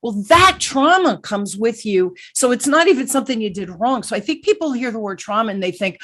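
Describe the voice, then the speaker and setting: A middle-aged woman hosts a casual interview, telling personal stories with lively, self-deprecating energy. She sits at a middle pitch for a woman and often jumps quickly from one thought to the next. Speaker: podcast host.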